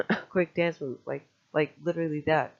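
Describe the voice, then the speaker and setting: A man with a somewhat high, gravelly voice rambles through a personal testimony, jumping between thoughts and swearing casually. The recording is dull and lo-fi. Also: steady tone. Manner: fast, scattered retelling with restarts and casual swearing.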